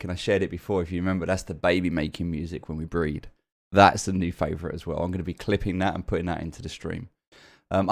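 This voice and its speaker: A man with a British accent hosting a live stream, chatting casually and greeting viewers one by one by name. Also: low voice. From United Kingdom. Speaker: stream host.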